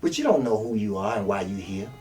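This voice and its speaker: A man's voice: on the low side, huge pitch swings, quick pace, darkish tone. A man preaching a blunt, profane street sermon as a self-styled minister, older and talking from long experience. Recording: distant mic with faint music.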